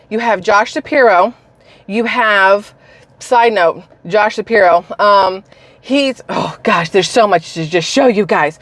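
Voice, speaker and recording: A woman's voice: mid-range voice, dry recording. A woman from South Carolina with a mild Southern accent, giving sarcastic, rambling political commentary as the host of her own vlog. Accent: mild Southern American. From South Carolina, raised in Georgia. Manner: sarcastic, animated, rambling with asides. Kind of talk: casual ranting commentary.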